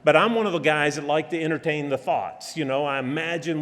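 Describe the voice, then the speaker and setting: A man's voice: a little high, fairly bright tone. Folksy preacher man in a reverberant hall. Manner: folksy, halting, with many restarts and fillers. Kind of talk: sermon. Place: church hall.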